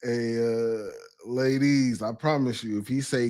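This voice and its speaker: A man's voice: medium pitch, takes it slowly, a little mellow. A man co-hosting a casual sports watch-along, laid-back and laughing at his own jokes. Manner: laid-back, laughs a lot, joking asides. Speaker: co-host.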